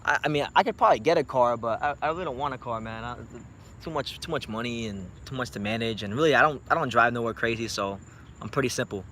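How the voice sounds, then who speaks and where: A man's voice: mid-range voice, fast, sharp tone, slight background noise. A young man from South Florida, talking boxing in a blunt, profane, joking late-night vlog chat. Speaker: boxing YouTuber.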